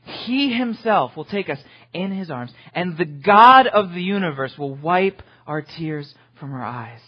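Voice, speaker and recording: Earnest male preacher, kinda husky, goes hushed then punchy, repeats himself, dull muffled recording. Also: sits high, lively intonation, unhurried. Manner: earnest, swings from hushed to emphatic, repeats words. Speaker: pastor. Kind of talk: sermon.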